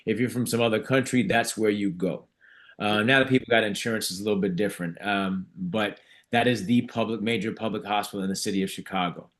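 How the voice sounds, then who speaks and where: This is a middle-aged man with a somewhat low voice. He is an author and physician speaking in an interview. He tells his stories in a reflective, conversational way, often circling back and restarting his phrases. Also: fairly bright tone. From United States.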